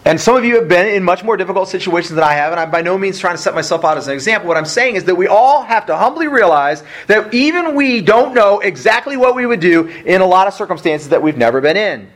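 A man's voice: high-pitched, expressive, quick pace, few pauses. A male pastor preaching a sermon at a church service, emphatic, with rhetorical questions and casual asides.

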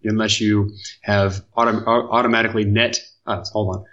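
A man's voice: lowish voice, little pitch movement, normal speed, a bit bright, lo-fi sound. A man co-hosting a podcast, chatting casually, teasing and explaining with fillers. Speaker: podcast co-host. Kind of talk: casual chat.

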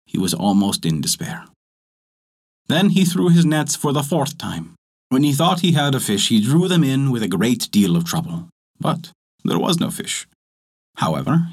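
A man narrating a folk tale with an expressive storytelling cadence. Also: medium pitch.

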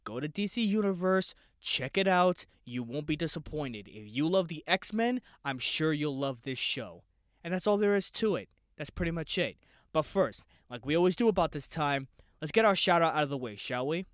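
A young man hosts a casual solo podcast in a fairly high voice, excitable and quick to swear as he talks straight to his listeners. The sound is dry and close, with no room around it. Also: no echo. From United States. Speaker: podcast host.

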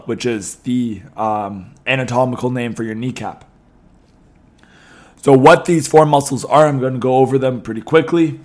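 A young man talks through his podcast in a loose, chatty way, leaning on ums and restarting his sentences. His voice is a little hoarse. He has a mid-range pitch. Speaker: podcast host. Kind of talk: casual podcast talk.

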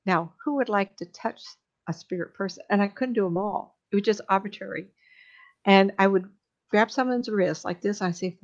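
A woman's voice: mid-range voice, a little fast, muffled recording. A middle-aged woman, a psychic medium, telling stories in casual chat, laughing often and acting out voices.

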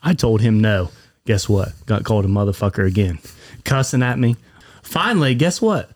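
A man co-hosting a podcast, telling a story in a lively, foul-mouthed way and acting out what others said. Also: on the low side, normal speed. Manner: animated, profane, acts out quotes. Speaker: podcast co-host. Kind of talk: casual storytelling.

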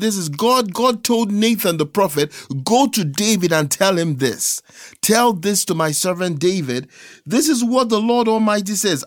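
A man's voice: high-pitched, dry recording, clean studio sound. A man preaching a sermon, reading scripture aloud and repeating key phrases for emphasis.

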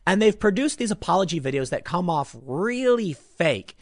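Animated sarcastic male commentator. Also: sits high, moderate pace, dry recording, studio quality. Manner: sarcastic, mocking, swings between loud and muttered asides. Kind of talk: opinionated commentary vlog.

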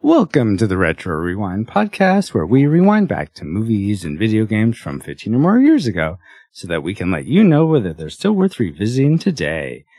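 A man's voice: fairly low pitch, huge pitch swings, moderate pace, a little mellow, no echo. A man hosting a podcast, chatting casually and laughing often. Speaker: podcast host.

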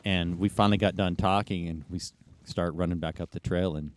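A man's voice: low-pitched, fairly even intonation, a little fast. A middle-aged man telling long anecdotes in a casual interview, rambling with many fillers and restarts. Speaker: guest ultrarunner.

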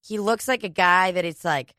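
A woman's voice: lowish voice, normal speed, bright, forceful tone, no echo, studio quality. A woman co-hosting a podcast, in rambling casual chat full of swearing. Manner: crude, rambling, swears a lot. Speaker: podcast co-host.

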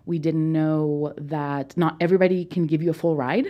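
A woman's voice: deep voice, steady tone, moderate pace, highs cut off. A young woman from Peru, a native Spanish speaker, telling her story as a guest in a casual interview, chatty and full of fillers.

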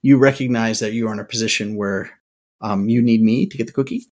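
Husky low-voiced older man musing. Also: steady tone, fairly quick, darkish tone. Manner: reflective, musing, often restarting words. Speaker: podcast host. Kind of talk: casual podcast monologue.

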